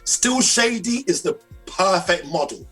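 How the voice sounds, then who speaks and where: A man's voice: high voice, expressive, unhurried, a bit bright, slightly rough. A male guest who promotes gospel music, chatting casually, making emphatic points and telling stories. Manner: emphatic, storytelling. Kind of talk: casual chat.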